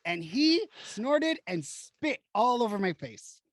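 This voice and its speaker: A man hosting a podcast who tells stories in an animated, frank and emphatic way. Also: high-pitched, takes it slowly, no room sound. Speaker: podcast host. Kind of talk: casual storytelling chat.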